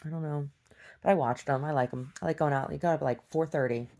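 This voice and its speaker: A woman telling meandering stories in a casual video diary, halting and full of restarts. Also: deep voice, steady tone. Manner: halting, full of restarts and "like", shouts when acting out quotes. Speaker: video diarist. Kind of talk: rambling casual storytelling.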